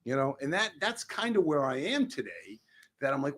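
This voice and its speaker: A man's voice: mid-range voice, normal speed. A man in his fifties, a guest on a casual podcast, telling personal stories with big swings in his voice. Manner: animated storytelling, voice rising and dropping sharply.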